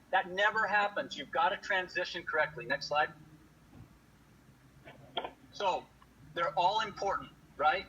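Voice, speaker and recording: High bright-voiced male sales trainer. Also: measured pace, long pauses. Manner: energetic, acts out customer dialogue. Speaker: solar sales presenter. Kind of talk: training talk to sales team. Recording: slightly dull audio, faint noise.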